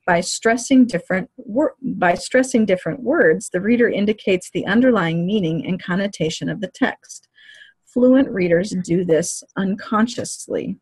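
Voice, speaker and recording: A woman giving a lecture on teaching reading, in a clear, measured, explanatory way. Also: medium pitch, a little mellow. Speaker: teacher educator.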